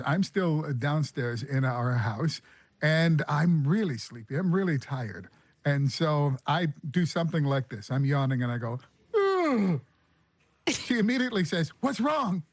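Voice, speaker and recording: A man who hosts a radio show, chatting casually and telling an animated story with laughs. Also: mid-range voice, no echo. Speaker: radio host. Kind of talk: casual chat.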